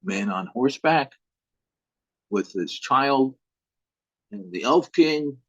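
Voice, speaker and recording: A man's voice: medium pitch, expressive, slow pace, a bit bright, dry recording, muffled recording. A man teaching a recorded music lecture, speaking hesitantly with frequent fillers. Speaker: music instructor.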